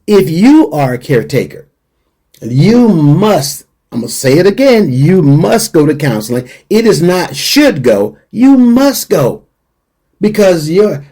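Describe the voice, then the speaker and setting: A middle-aged man talks to his radio listeners in an earnest, emphatic way and comes back to his main points again and again. His voice sits a little high for a man. Its tone is dark and mellow. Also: sing-song, a little slow. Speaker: radio show host. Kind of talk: radio talk show monologue.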